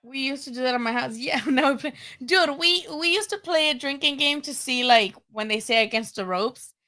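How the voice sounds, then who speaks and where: A woman's voice: high voice, normal speed, sharp tone. A woman with a Chicano English accent hosting a boxing live stream in casual chat, laughing often and saying "dude" a lot.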